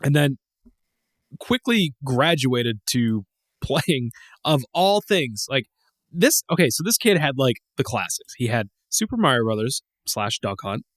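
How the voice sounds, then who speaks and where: Man, podcast co-host, casual chat, animated up-and-down pitch, very dry close sound, rambling. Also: unhurried, no room sound. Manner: rambling, laughing, swearing, many restarts.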